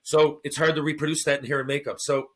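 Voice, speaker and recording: Here a middle-aged man talks fast in a fairly high voice while guesting on a podcast. He recounts a story in profane, casual terms, animatedly doing impressions of the people involved.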